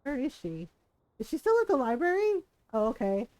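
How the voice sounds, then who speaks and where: Middle-aged woman streamer, high voice, chatty and giggly, dry close mic. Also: very animated, normal speed, darkish tone, dry recording, rough recording. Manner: chatty, giggly storytelling with many fillers. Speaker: livestreamer. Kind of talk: casual chat while gaming.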